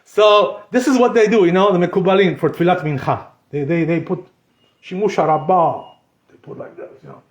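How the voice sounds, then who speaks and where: High-voiced rabbi in an echoey room. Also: male voice, moderate pace, lo-fi sound. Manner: conversational, constantly says "you know", mixes in Hebrew terms. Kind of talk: informal Torah class.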